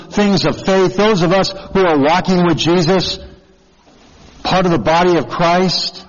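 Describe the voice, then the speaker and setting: A slow, measured male pastor preaching with an earnest tone and a slightly raised pitch. He often pauses to ask the congregation questions. His voice carries a long reverb and sounds dull, like a lo-fi recording made in a large hall. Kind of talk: sermon.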